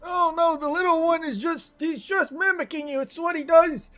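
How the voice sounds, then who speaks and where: A man's voice: very high-pitched, steady tone, moderate pace, sharp tone, pitched above the performer's own voice. A man voicing a chatty, teasing old male turtle in a tabletop game. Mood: amused. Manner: teasing, cheeky.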